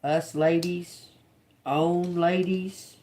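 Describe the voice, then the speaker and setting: A woman on a casual livestream, slowly reading out and repeating words one by one. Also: on the low side, fairly even intonation, dark tone. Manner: slow, drawn-out, repeats words as she reads them. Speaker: tarot reader on a livestream.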